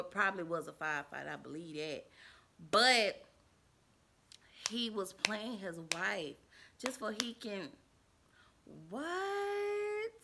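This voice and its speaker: A woman vlogger telling a personal story in a dramatic, animated way, swinging from loud outbursts to hushed asides. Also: mid-range voice. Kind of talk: storytime vlog.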